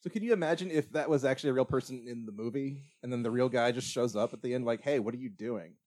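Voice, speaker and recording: A man's voice: mid-range voice, fast talker, darkish tone, no echo, studio quality. A man hosting a casual movie podcast, rambling and joking with frequent laughs. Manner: rambling, jokey, laughs often.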